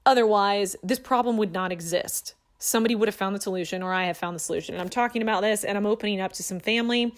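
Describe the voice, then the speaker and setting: A woman's voice: medium pitch, fast, hardly any pauses. A woman in her thirties, a coach, telling a personal story to her viewers in an earnest, assertive way. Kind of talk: casual motivational talk to camera.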